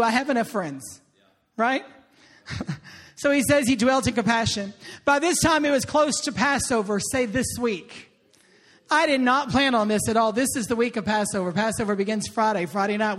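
A man preaching a sermon, lively and conversational, tossing in call-and-response asides to the congregation. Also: very high-pitched. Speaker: pastor.

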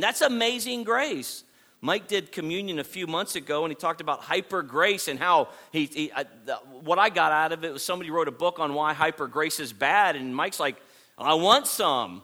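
A man's voice: high-pitched, sharp tone. A man preaching a sermon to his congregation, emphatic and repetitive, building points through repeated phrases. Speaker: pastor.

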